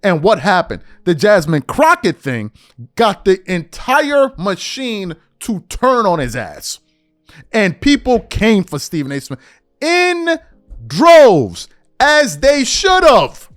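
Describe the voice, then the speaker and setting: A man's voice: high voice, dry recording, studio quality. A man hosting a podcast, giving heated political commentary and reading news articles aloud with incredulous questions. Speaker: podcast host.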